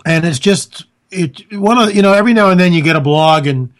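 Rambling high-voiced male radio host. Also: brisk. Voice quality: animated, rambling with restarts. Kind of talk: casual radio talk.

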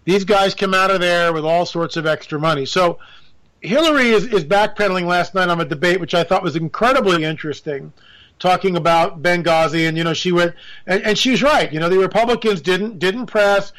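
High, bright-voiced sarcastic man ranting. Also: brisk, poor audio. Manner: sarcastic, rambling, exasperated. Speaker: political commentator. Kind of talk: casual political rant.

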